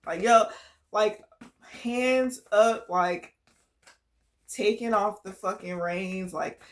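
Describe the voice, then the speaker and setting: A woman giving a casual collective tarot reading, talking bluntly and swearing freely. She laughs often and moves between quiet musing and loud, emphatic bursts. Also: medium pitch, slow pace. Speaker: tarot reader.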